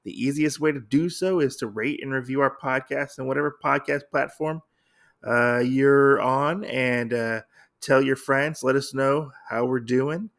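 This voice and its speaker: A man's voice: medium pitch, measured pace, gravelly, a bit bright. A man hosting a podcast who casually recaps a comic story in a rambling way, with lots of fillers. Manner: rambling, filler-heavy retelling. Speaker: podcast host.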